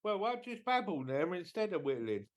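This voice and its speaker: A man's voice: high-pitched, very animated, normal speed. A man co-hosting a podcast, giving short, wry, laid-back replies in casual chat. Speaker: podcast co-host.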